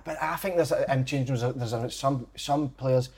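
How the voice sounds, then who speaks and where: A man's voice: medium pitch, normal speed, gravelly, darkish tone, husky. A Scottish man and former footballer, talking bluntly and swearing in a casual chat. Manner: blunt, sweary, laughs often. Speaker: podcast panelist, former footballer.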